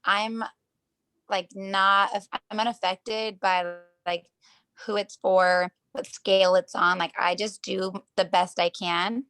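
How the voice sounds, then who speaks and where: A woman's voice: mid-range voice, flat delivery, takes it slowly, fairly bright tone, clean tone. A woman who works as a professional dancer, talking casually as an interview guest over a video call. She rambles through her stories, fills them with "like", and acts out what people said. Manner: rambling storytelling, heavy use of "like", acts out quotes.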